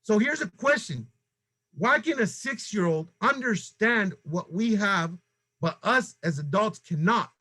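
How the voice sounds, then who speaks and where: A middle-aged man leading a sales team, giving an urgent motivational pep talk full of rapid rhetorical questions. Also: sits high, lively intonation, sharp tone.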